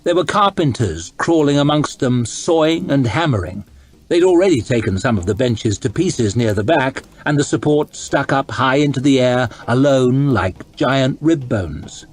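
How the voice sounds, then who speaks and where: A man reading a novel aloud in a calm, steady, soft-spoken ASMR style, with a breathy voice. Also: mid-range voice, normal speed. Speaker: storyteller.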